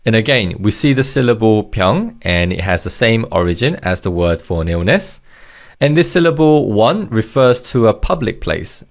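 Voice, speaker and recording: Speaking in a fairly low voice with vocal fry, a man narrates a lesson on Korean words, given in English. He encourages learners patiently as he explains word components and has them repeat after him.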